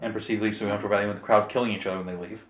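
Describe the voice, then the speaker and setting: A man's voice: on the low side, steady tone, rapid-fire, slight background noise. A man running a tabletop game as game master, steadily explaining rules and narrating the action. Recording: echoey room.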